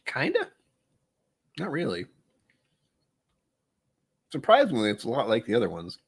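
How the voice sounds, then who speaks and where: A man's voice: medium pitch, wildly swooping pitch, moderate pace, creaky, husky. A man hosting a casual tasting livestream, talking in a rambling, offhand way and thinking aloud. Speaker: livestream host.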